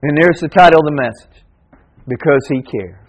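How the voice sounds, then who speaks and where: A man in his fifties delivers a sermon in a fairly high voice. He builds emphatic repeated questions, then drops to a soft, tender tone. He speaks as a pastor to his congregation. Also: normal speed, slightly rough, low-quality recording. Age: 50s. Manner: preaching with rising, emphatic repetition.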